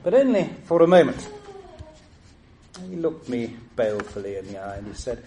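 An older man, a former judge giving a lecture full of anecdotes, in a dry, measured way with self-mocking wit. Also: mid-range voice, big pitch swings, noisy background.

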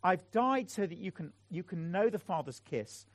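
Earnest, lively-pitched man preaching. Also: moderate pace, no echo. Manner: earnest, pleading appeals to the audience. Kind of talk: sermon.

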